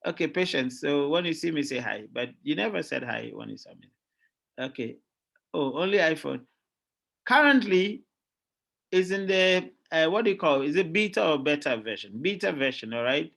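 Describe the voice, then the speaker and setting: A middle-aged man with a Ghanaian accent, giving a lively classroom lecture as a university lecturer and often checking in with his students. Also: a little high, normal speed, creaky. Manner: lively, keeps checking in with "all right?" and quizzing students.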